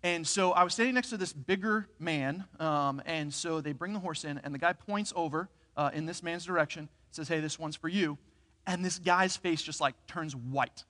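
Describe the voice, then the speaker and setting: A man preaching a sermon, telling a personal story in an earnest, animated way. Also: on the high side, normal speed. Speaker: pastor. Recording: reverberant hall.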